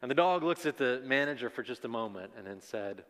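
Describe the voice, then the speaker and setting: A man's voice: medium pitch, animated, fast talker, fairly bright tone, long reverb tail. A man preaching a sermon as pastor, telling a folksy joke story with self-deprecating asides before moving into the text.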